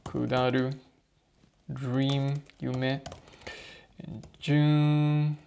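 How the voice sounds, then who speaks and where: A man's voice: medium pitch, little pitch movement, drawn-out words, gravelly, warm tone, a little hiss or hum. A man reviewing vocabulary flashcards on his own, thinking aloud and muttering answers to himself. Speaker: language learner reviewing flashcards. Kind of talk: casual study session vlog.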